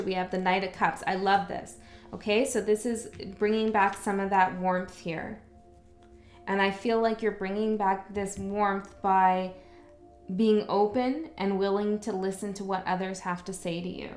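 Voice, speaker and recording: A woman giving a casual spoken tarot reading, talking frankly and often checking in with the listener. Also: medium pitch. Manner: chatty, frank, checks in with "okay?". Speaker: tarot reader. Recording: roomy echo, faint music.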